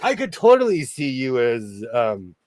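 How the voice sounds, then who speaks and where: A man hosting a sewing livestream, chatting casually and quickly while he works, talking out of the sides of his mouth. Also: mid-range voice. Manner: fast-talking, animated, self-deprecating.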